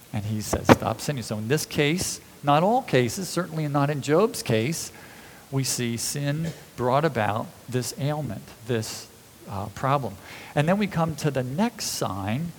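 A man preaching a sermon, retelling the scenes with animated storytelling and acting out the people in them. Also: a little high, a little hiss or hum, low-quality recording.

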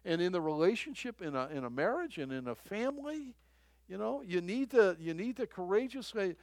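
A man preaching a conversational sermon as a pastor, halting and repeating his phrases, often chuckling as he talks. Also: high voice, very animated, a little mellow, no room sound.

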